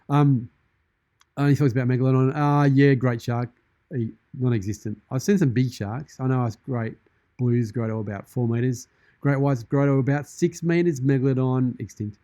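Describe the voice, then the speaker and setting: An Australian man hosting a live stream in a shark persona, chatting casually and deadpan while reading out viewer comments from his studio. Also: mid-range voice, no echo. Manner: jokey, deadpan, in-character banter. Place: studio with green screen.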